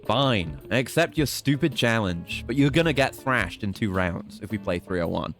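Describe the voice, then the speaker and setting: A man doing a deadpan young detective. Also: on the low side, normal speed, soft background music. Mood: dry.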